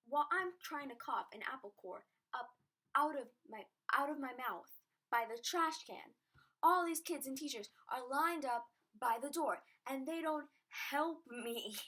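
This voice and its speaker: A woman's voice: high-pitched, animated, unhurried, bright, forceful tone. A teenage girl telling a rambling, giggly story to camera, full of "like" and little asides. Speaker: vlogger. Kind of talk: casual storytime chat.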